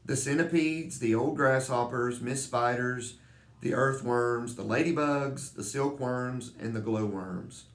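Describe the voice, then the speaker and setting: A man reading a children's book aloud with an expressive, lilting delivery. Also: mid-range voice, measured pace. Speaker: reader. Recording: echoey room.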